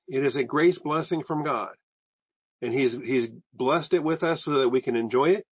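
Male Bible teacher, casual lecturing style, mid-pitched voice, dry slightly muffled sound. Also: no echo. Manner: conversational, restarts phrases, explains Greek terms.

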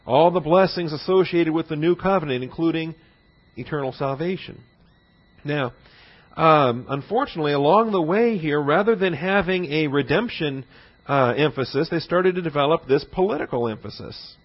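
A man teaches a Bible class in a relaxed lecturing voice, pitched a little high. He keeps checking in with his listeners as he goes. The recording sounds dull and lo-fi, as if from an old classroom tape. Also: normal speed. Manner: conversational, checks in often with "all right?" and "see?".

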